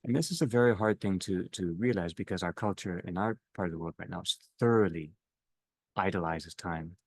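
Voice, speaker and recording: A man leading a reflective theological discussion, speaking slowly in halting phrases that trail off softly at their ends. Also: low voice, dry recording. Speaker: discussion leader.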